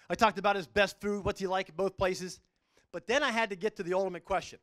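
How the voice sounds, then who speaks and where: High-voiced man telling a story. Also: quick pace. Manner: storytelling, earnest, animated delivery. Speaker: judge giving a talk. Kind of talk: faith-based speech to a business group.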